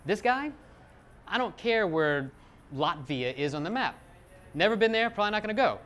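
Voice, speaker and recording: A middle-aged man giving a live talk as a psychologist, lively and self-deprecating, acting out little quotes. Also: high voice, normal speed, soft background music.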